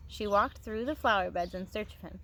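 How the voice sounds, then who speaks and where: A woman teacher reading a novel aloud to her students, expressive, with small restarts, on a phone. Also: medium pitch, fairly quick, slight background noise.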